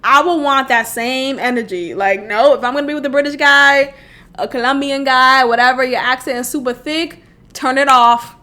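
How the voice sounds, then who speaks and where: A young woman hosting a podcast, giving blunt, animated commentary on a reality show with laughing asides. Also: sits high, moderate pace. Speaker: podcast host.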